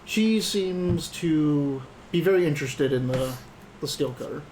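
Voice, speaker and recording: Higher-voiced man running a tabletop game. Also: measured pace, a little mellow, slight background noise, low-quality recording. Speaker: game master.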